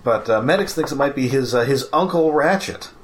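A man co-hosting a casual chat about cartoons, pausing often with fillers. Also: medium pitch, lively intonation, a little hiss or hum. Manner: hesitant, many "uh"s. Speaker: podcast co-host.

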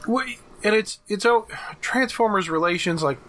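A man co-hosting a casual chat about cartoons, animated and quick to laugh. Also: high-pitched, a little hiss or hum. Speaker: podcast co-host.

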